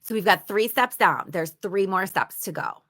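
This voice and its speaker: A woman teaches a motivational class with real emphasis, hammering points home by saying them again and again. Her voice is bright and forceful, and her pitch sits in an ordinary middle range for a woman. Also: animated, moderate pace. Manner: emphatic, repeats words for stress. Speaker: instructor.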